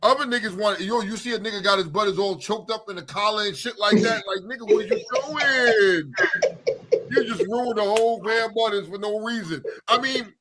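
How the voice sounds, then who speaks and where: High, bright-voiced man bantering. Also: fairly quick, hardly any pauses, slight background noise. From New York City. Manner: animated, slangy, cuts in and teases his co-host. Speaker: radio show co-host. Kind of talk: casual banter.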